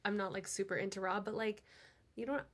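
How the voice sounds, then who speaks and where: A woman talking in a casual podcast chat, halting and hesitant, with lots of fillers. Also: mid-range voice, steady tone. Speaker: podcast co-host or guest.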